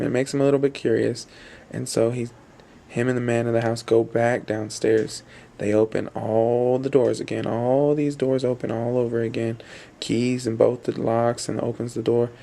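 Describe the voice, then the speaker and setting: Gravelly man telling a rambling story. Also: mid-range voice, little pitch movement, normal speed, dark tone. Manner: rambling, repetitive, voices quoted characters. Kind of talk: spoken campfire-style storytelling.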